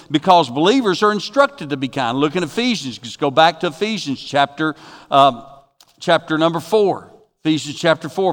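A man preaching a sermon as pastor, folksy, moving from quiet asides to emphatic bursts. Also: fairly high pitch. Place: church sanctuary. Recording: long reverb of a church hall.

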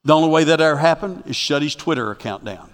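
A man's voice: a little high, fast. Preacher man in an echoing hall. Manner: animated preaching, swinging from loud to hushed. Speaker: pastor. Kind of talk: sermon.

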